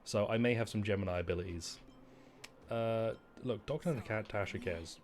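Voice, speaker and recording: A man casually chatting and joking while playing a game on stream, rambling and mocking himself, with sudden loud outbursts. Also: lowish voice, normal speed, a little hiss or hum. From not American. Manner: rambling, self-mocking, jokey, often bursts out loud. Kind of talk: casual gameplay commentary.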